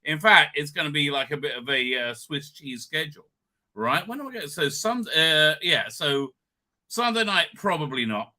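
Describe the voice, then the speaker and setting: A livestream host with a fairly high, animated, sharp-toned voice rambles tiredly at a moderate pace. He's chatty and digressive, full of asides and restarts, often tossing in "right?"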